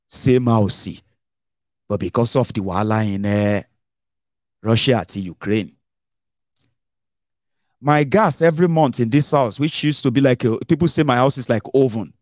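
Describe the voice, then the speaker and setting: A middle-aged Nigerian man hosting a casual political commentary show, animated and mixing Pidgin into his English, with dramatic swings in pitch. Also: measured pace, pauses often, dry recording, studio quality. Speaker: host.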